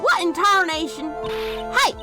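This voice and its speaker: A woman voicing a brash, folksy woman photographer with a loud drawling twang, over game music. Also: very high voice, lively intonation, unhurried, voice pushed up.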